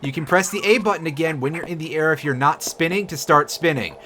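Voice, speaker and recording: A man's voice: a little high, fast talker, pushed and bright, slight background noise. A man streaming a game, giving casual, sarcastic commentary with swearing and jokes. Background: game music.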